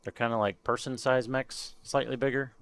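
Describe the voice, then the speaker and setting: A man's voice: mid-range voice, steady tone, moderate pace, fairly bright tone, clear, resonant tone. A man chatting casually on a live stream while painting a model kit, muttering to himself and trailing off. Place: home workshop.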